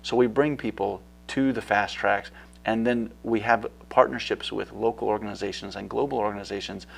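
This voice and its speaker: A man's voice: fairly low pitch, steady tone, normal speed, creaky. A man talking as a guest in a casual interview, eager and rambling with many fillers.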